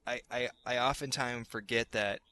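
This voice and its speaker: A man's voice: mid-range voice, fairly even intonation, normal speed, sharp tone, slight background noise. A man hosting a casual gaming podcast, rambling a little and often restarting his sentences. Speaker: podcast host.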